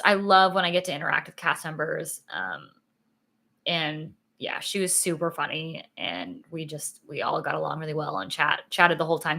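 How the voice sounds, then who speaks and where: A woman's voice: low voice, gravelly, pushed and bright. A young woman vlogging in a rambling, chatty way, full of "like" and "um", sleepy and yawning. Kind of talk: casual sit-down vlog chat.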